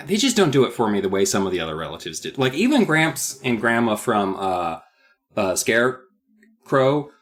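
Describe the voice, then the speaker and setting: A man co-hosting a podcast who rambles through a book recap, tossing in jokes as he goes. His voice swings widely, and he sits at a middling pitch. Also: fairly bright tone. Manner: rambling, joking asides. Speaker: podcast co-host. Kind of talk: casual comedic book recap.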